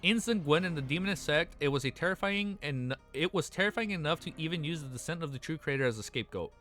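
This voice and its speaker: A young man streaming live, reading a story aloud and reacting with excited swearing and stumbles. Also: on the high side, fast, soft background music.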